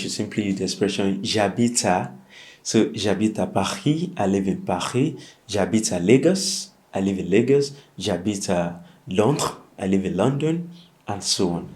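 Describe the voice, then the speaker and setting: Guy with a lowish voice teaching french, slow and patient, repeats everything. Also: a little mellow. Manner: slow, repeats phrases for learners. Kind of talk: language lesson.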